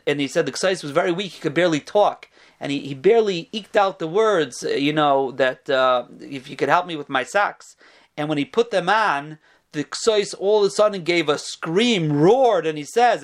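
High-voiced man giving a Torah lecture. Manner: storytelling, with frequent restarts and Hebrew terms.

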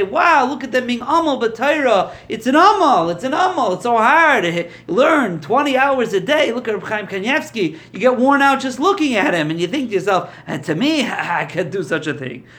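Lively high-voiced man giving a Torah class. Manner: lively storytelling, acts out quotes. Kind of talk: Torah lecture.

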